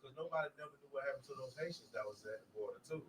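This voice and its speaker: A man on a casual podcast chat, speaking earnestly and rambling, often trailing off quietly. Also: medium pitch, racing. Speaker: podcast guest. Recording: distant mic with faint background noise.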